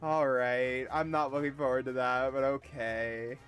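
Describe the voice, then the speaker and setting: The voice is a man's, medium in pitch with little movement, fairly bright, clear and resonant, set against soft background music. He is livestreaming a game, casually cursing, self-mocking and tossing fast comments to chat.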